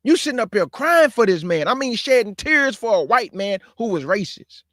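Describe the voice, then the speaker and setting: A show host with a high, sing-song voice delivers impassioned commentary on his own livestream at a moderate pace. His tone is fairly bright, and the studio sound is clean with no echo. He speaks in a fiery, preachy way, repeats his points and calls his listeners family.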